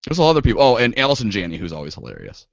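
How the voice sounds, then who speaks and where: A man's voice: lowish voice, wildly swooping pitch, rapid-fire, vocal fry, no room sound, dull audio. Chatty male podcast host, dry sound. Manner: chatty, filler-heavy, laughs easily. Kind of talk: casual podcast chat.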